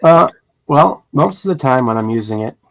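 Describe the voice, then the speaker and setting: A man's voice: mid-range voice, lively intonation, moderate pace, creaky, no echo, low-quality recording. A man explaining his scale model gluing technique step by step in a casual way.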